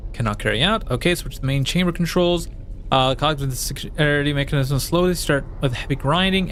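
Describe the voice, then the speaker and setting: With a mid-range, fairly bright voice and some hiss or hum in the audio, this male let's play streamer reads game text aloud and chats loosely about the game. He's playful and rambling, full of fillers and restarts, and pokes fun at his own failed put-on accents while laughing.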